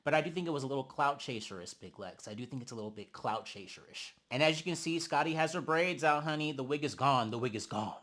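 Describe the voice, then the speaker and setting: A man's voice: medium pitch, lively intonation, fast, hardly any pauses, fairly bright tone. A man giving a casual, sassy recap of a reality show. He calls the listener honey and acts out the quotes of the people he talks about. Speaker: reality TV reviewer.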